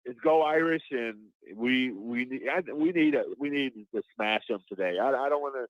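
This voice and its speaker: Halting male caller, mid-pitched, muffled dry phone audio. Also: dry recording. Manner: rambling, halting, restarts often. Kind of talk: casual call-in chat. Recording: dull dry phone line.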